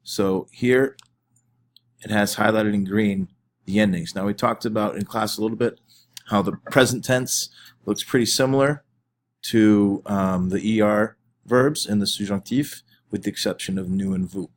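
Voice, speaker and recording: A man with a fairly low voice teaches his class, walking through each step of the lesson. He talks at an easy pace with the odd filler and restart. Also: fairly even intonation, normal speed. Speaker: French teacher.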